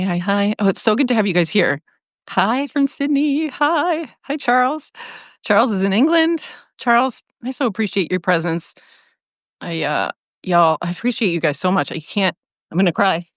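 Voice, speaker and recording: A woman's voice: on the low side, moderate pace, dry recording, studio quality. Giggly woman livestreaming from her phone. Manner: bubbly, laughs often, greets viewers. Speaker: livestream host. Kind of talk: casual livestream chat.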